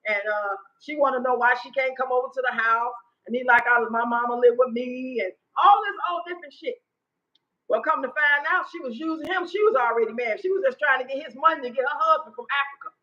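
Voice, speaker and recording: A woman in her fifties hosting a casual live chat, loud, blunt and profane. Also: high-pitched, quick pace, lo-fi sound. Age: 50s. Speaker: livestream host.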